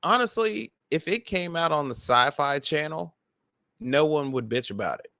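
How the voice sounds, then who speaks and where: A man's voice: fairly high pitch, animated, normal speed, sharp tone, dry recording, clean studio sound. A man co-hosting a podcast, laid-back and swearing freely in casual chat. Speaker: podcast co-host.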